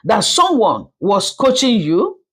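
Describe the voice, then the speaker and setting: A woman's voice: medium pitch, sing-song, takes it slowly, slightly rough, exaggerated voice. A woman voicing a shocked uncle who demands answers in a questioning tone. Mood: demanding.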